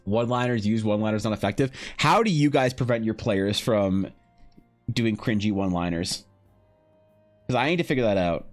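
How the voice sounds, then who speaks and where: A man streaming live while drawing, chatting casually in a rambling, joking way with animated asides. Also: fairly low pitch, moderate pace, soft background music. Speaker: streamer and game master. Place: home streaming setup.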